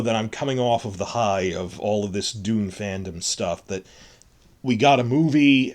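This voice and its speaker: A man hosting a solo podcast, rambling emotionally through a film review, restarting his sentences. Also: lowish voice.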